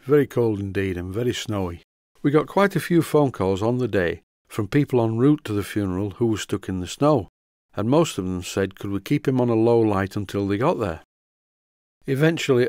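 An older man narrating a model workshop tutorial in a dry, deadpan manner. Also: mid-range voice, no echo. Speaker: model engineering video host.

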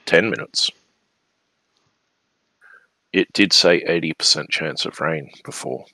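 Low gravelly man, dry wry chat. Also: takes it slowly, sharp tone, dry recording. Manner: dry, wry anecdote-telling. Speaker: livestream host painting miniatures. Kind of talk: casual chat.

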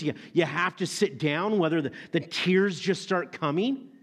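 A man preaching a sermon as pastor, telling the story animatedly and acting out the characters. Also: high voice.

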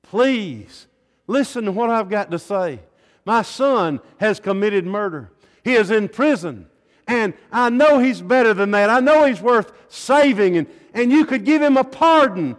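A man's voice: high-pitched, lively intonation, a little slow, pitched above the performer's own voice. A preacher voicing a desperate begging mother. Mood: desperate pleading. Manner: pleading, voice rising to a cry. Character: desperate middle-aged mother begging for her son. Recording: long hall reverb.

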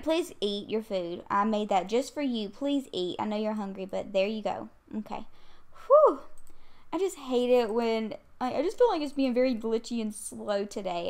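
Chatty, easily annoyed woman gamer. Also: a little high. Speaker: gaming video creator. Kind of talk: casual gameplay commentary. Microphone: USB condenser desk mic.

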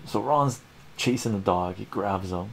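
A man hosting a relaxed ASMR comic reading, laid-back and chuckling often. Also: lowish voice, a little slow, gravelly, slight background noise. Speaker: channel host reading comics.

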